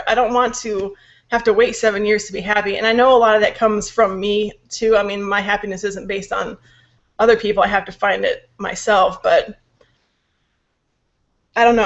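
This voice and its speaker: A young woman with a sore throat, venting in casual chat; tired and frustrated, she swears when she gets angry. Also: mid-range voice. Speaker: podcast co-host venting. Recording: dull lo-fi recording.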